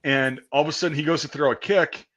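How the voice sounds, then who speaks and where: A young podcast host with a slightly high voice talks fast, telling a rambling, profane story in casual chat. He is an animated storyteller who acts out the voices of the people he quotes.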